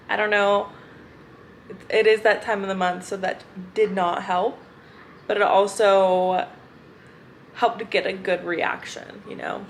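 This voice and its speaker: A woman's voice: mid-range voice, fairly bright tone, slight background noise. A young woman chatting casually in a book reading vlog, gushing and emotional, laughing often. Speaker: book vlogger.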